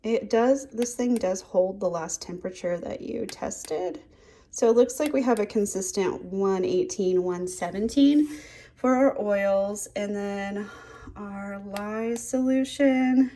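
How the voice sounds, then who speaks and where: A young woman walks through her soap-making process in a loose, chatty vlog. She rambles, restarts her sentences and fills pauses. She sounds slightly winded as she works, her voice sitting in an ordinary middle pitch. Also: mellow. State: a bit out of breath. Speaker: small business owner making soap. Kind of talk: casual how-to vlog.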